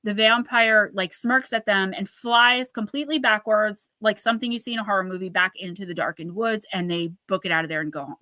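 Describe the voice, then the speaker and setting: Woman host spinning a creepy tale, bright voice, acts out the voices, dry sound. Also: medium pitch, brisk, hardly any pauses, no room sound. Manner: animated, acts out quoted voices while retelling a story. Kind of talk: casual storytelling on a live show.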